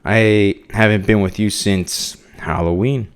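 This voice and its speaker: A man reading the lines of a bitter man in a firm, flat tone, close to his own voice. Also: lowish voice, unhurried, clean tone.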